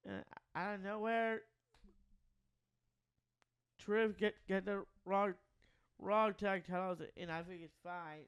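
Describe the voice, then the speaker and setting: A person in casual podcast chat who speaks haltingly, repeating words while starting sentences. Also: mid-range voice, steady tone, fairly bright tone, smooth.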